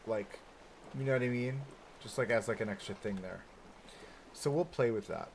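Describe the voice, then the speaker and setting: A man's voice: on the low side, moderate pace, vocal fry, a little hiss or hum. A man casually talking through his theme park build on a live stream, thinking aloud with lots of "like" and "right?". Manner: chatty, thinking aloud with many "like"s and rhetorical "right?".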